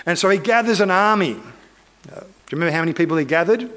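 A man preaching a sermon, retelling a story in a lively, animated way and acting out the characters' lines. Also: high voice, very fast. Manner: animated, acts out characters' voices.

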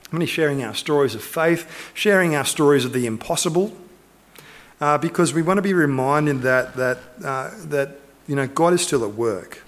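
A man preaching to his congregation, his voice pitched a little above the usual. He drives his points home with short, repeated urgings, sometimes soft and sometimes rising high. His delivery is earnest and emphatic throughout. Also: normal speed. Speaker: pastor. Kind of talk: sermon.

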